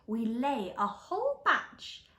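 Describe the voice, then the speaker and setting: Storybook turtles, gentle rhyming, voiced by a woman, slow, roomy sound. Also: fairly high pitch, huge pitch swings, heavily acted. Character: turtles telling of egg laying. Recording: echoey room.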